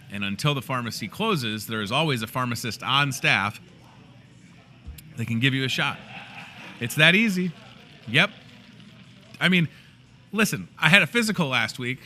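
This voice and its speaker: A man's voice: on the low side, pushed and bright, a little hiss or hum. A young man, hosting a store's daily show in a grocery store with a chatty, joking manner. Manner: chatty, playful, joking asides. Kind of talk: casual promotional chat.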